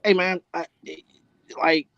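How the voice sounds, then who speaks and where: A man's voice: high-pitched, flat delivery, slow, a bit bright, no room sound, highs cut off. A man on a live panel who keeps teasing and firing questions at the host. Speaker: panel guest. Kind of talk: casual panel chat.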